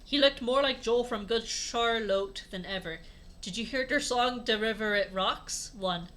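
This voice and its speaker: A woman reads a story aloud for comedy, dropping sarcastic asides along the way. Her voice sits a little high, bright and forceful. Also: measured pace. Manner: sarcastic asides, mocking the text. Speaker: host reading aloud. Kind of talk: comedic dramatic reading.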